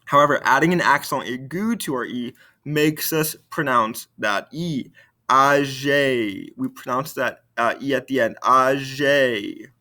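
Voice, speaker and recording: A man teaching a recorded French lesson, slowly modeling words for students to repeat. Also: mid-range voice, bright, forceful tone. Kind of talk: recorded video lesson with repetition drills.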